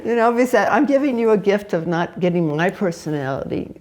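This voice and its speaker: A woman's voice: mid-range voice, lively intonation, a little fast, darkish tone. An older woman Zen teacher giving a candid, laughing, conversational dharma talk and answering questions. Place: meditation hall.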